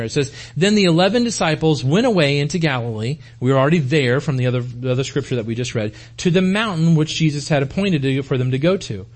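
A man preaching a sermon in an earnest way, often repeating words as he starts a phrase. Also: a little high. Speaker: pastor.

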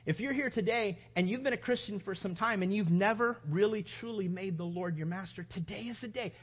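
A man's voice: sits high, fairly quick, hardly any pauses, husky, highs cut off. A male pastor preaching a sermon, acting out everyday scenes with playful shifting voices. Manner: animated, acts out little scenes with shifting voices.

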